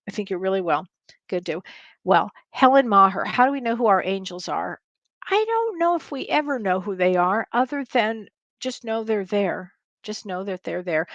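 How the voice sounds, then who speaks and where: A middle-aged woman hosting a live-stream Q&A as a spiritual medium, reading viewer comments and reassuring them with warm repetition. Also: medium pitch, dry recording, dull audio. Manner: warm, reassuring, repeats phrases for comfort.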